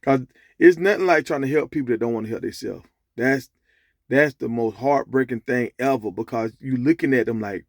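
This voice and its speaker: A man giving a casual commentary rant, animated and profane, telling stories to make his point. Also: medium pitch, normal speed, no room sound, clean studio sound. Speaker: sports commentator.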